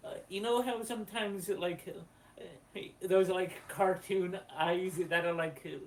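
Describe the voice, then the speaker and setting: Slow, hesitant player, far from mic. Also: medium pitch, steady tone. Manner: slow, halting, searching for words. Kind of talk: casual chat.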